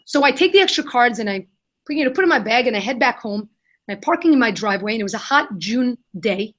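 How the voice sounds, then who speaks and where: A young adult woman answering questions in a live Q&A, telling an animated story and acting out the voices of the people in it. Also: a little high, fast talker. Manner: animated, acts out quoted voices. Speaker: guest, kindness nonprofit founder.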